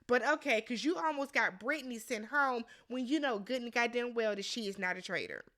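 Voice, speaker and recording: Woman, high bright voice, blunt and sassy, casual recap commentary, swears freely, acts out quotes with big jumps in pitch. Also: brisk. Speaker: reality TV recapper.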